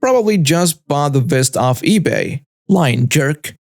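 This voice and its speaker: Casting: man putting on a screechy, hostile entitled woman customer, high-pitched, in a dead-dry room. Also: lively intonation, a little slow, dry recording. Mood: hostile shrieking. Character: shrill rude entitled middle-aged woman customer.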